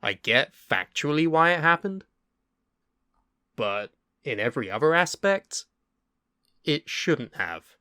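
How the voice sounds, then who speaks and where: Male co-host, bright forceful tone, dry close sound, measured and thoughtful. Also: fairly high pitch, big pitch swings, no echo. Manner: thoughtful, hesitant with fillers. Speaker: podcast co-host. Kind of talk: casual chat.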